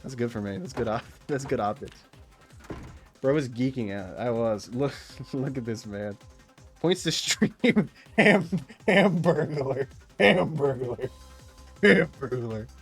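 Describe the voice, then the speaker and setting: A young man streaming, rambling excitably in casual chat, jumping up in pitch when riled and often laughing, at times out of breath. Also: unhurried, breathy edge, soft background music.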